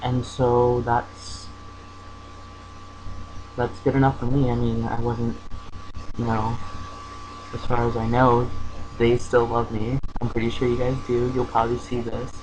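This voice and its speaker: A young man talks into his camera at home and tells a personal story in a hesitant way, full of fillers and restarts. His voice stays flat, with little rise and fall. A faint hum runs underneath. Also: medium pitch, measured pace, long pauses, poor audio. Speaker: vlogger.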